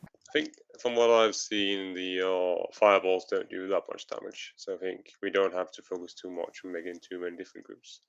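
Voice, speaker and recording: A man leading raid tactics over voice chat, measured and hedging as he thinks aloud. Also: low-pitched, level tone, smooth, no echo, lo-fi sound. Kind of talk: casual voice chat strategy talk.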